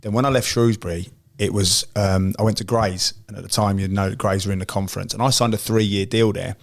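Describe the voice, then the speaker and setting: Man, middle-aged, low voice, rambling anecdotes, casual podcast chat. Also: steady tone, a little fast, gravelly. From Essex, England. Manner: rambling storyteller, restarts, acts out quoted voices. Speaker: podcast co-host, ex-footballer.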